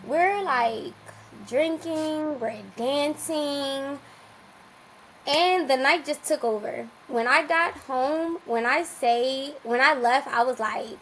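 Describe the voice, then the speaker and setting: A woman guest on a podcast telling a personal story in a casual, animated way, laughing often and restarting her sentences. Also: high voice, takes it slowly, slight background noise, rough recording.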